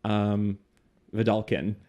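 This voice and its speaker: A man's voice: lowish voice, flat delivery, slow pace, mellow. A Canadian man, the game master hosting the show, talking casually in a chatty, rambling way with frequent laughter. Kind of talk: casual chat.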